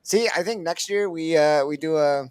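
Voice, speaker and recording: A man's voice: a little high, moderate pace, slight background noise. A man co-hosting a live podcast in casual chat, teasing and swearing freely. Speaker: podcast co-host.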